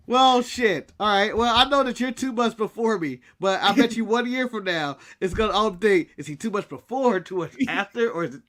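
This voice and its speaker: A man's voice: sits high, a bit bright. A man from the United States co-hosting a casual wrestling recap, joking, teasing and laughing often. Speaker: podcast co-host.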